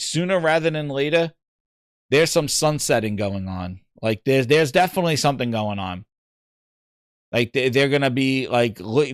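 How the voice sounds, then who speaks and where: A man hosting a gaming podcast, ranting in casual chat, animated and exasperated, rambling with frequent restarts. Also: mid-range voice, no room sound, clean studio sound.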